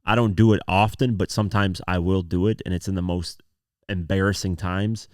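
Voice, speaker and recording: A man's voice: low-pitched, steady tone, normal speed, no room sound, clean studio sound. A young man hosting a podcast, telling a story in a loose, rambling way with lots of fillers. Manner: rambling storytelling, frequent "you know" and "man". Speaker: podcast host. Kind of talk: casual solo commentary.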